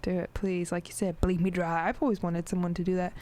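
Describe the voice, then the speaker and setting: A woman's voice: fairly low pitch, level tone, fast talker, warm tone. A woman hosting her own podcast in casual chat, affectionate and giggly, gushing as she talks. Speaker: podcast host.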